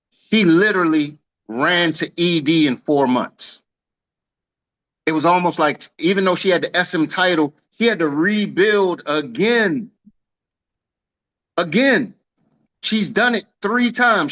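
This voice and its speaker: Guy on a video call hyping up his teammate, lively slangy storytelling, voice a bit on the high side. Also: low-quality recording. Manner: animated storyteller, slangy, acts out dialogue. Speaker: team leader honoring an agent. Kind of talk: casual celebratory speech.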